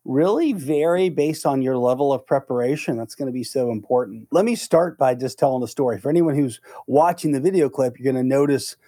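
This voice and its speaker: A middle-aged man co-hosting a podcast, telling a story in a casual, animated way and acting out the lines he quotes. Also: mid-range voice, fairly quick, hardly any pauses, no echo. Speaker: podcast co-host; negotiation instructor.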